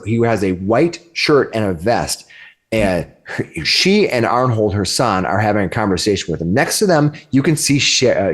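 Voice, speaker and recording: A man narrating a tabletop game as game master, often restarting his sentences. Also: mid-range voice. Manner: halting, many restarts while describing.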